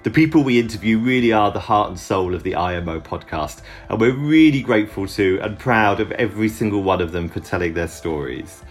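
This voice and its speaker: Man, podcast host, low voice, scripted upbeat intro, soft music underneath. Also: lively intonation, a little fast, few pauses.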